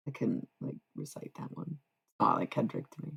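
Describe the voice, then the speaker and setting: A woman streaming live, chatting casually and profanely with her viewers, rambling between quiet musing and loud bursts. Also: a bass voice, lively intonation, quick pace, gravelly, slightly rough. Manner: rambling, profane, talks to chat.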